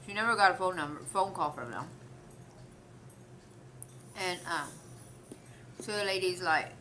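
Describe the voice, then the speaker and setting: A young woman vlogger chats straight to camera, animated and a little indignant, and she acts out the other people's lines in the story. Her voice is bright and forceful. A faint hum sits behind her. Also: on the low side, measured pace, long pauses. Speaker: mukbang vlogger. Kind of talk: casual storytelling to viewers.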